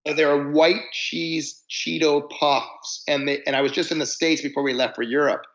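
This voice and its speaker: A man in his forties, a musician guest on a podcast, telling stories in a rambling way with many restarts and drawn-out words. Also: on the high side, steady tone, a bit bright. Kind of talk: casual chat, storytelling. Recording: slightly dull lo-fi audio.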